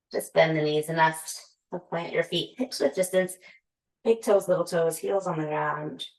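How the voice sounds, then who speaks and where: A woman guiding a yoga flow, her voice on the lower side as she steadily calls out poses and breaths. She drifts into easygoing, laughing asides between cues. The sound carries the echo of a roomy space. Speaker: yoga instructor. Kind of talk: guided yoga class cueing. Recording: echoey room.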